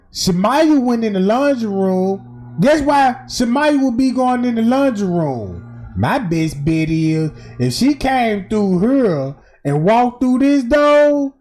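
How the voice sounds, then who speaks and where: A streamer giving casual, emphatic and profane commentary over video footage. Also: mid-range voice. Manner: animated, emphatic, slangy and profane.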